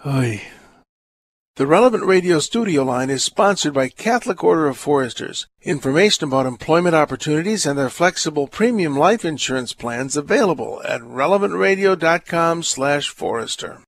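A man hosting a Catholic call-in radio show, reading letters and answering questions in a rambling, halting, wry way. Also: fairly high pitch, expressive. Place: radio studio. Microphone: studio microphone.

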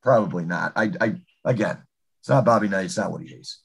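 Brief: male sports host, husky voice, halting and casual. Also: fairly low pitch, low-quality recording. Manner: hesitant, filler-heavy.

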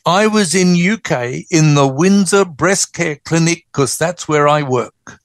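A man's voice: a little high, no echo, clean studio sound. An older man voicing a perky, friendly British woman doctor in a retold story. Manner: brisk, cheerful.

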